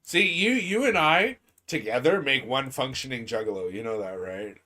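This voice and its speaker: A man's voice: medium pitch, expressive, normal speed, pushed and bright. Laughing young man in casual game banter. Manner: laughs often, loose joking banter. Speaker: gaming streamer. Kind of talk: casual chat while playing a game.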